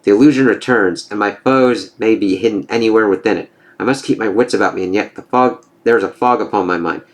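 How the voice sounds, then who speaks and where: A man's voice: fairly low pitch, quick pace, natural voice. A man reading the lines of a stern, proud male thunder god from a comic, declaiming in solemn oaths. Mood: defiant.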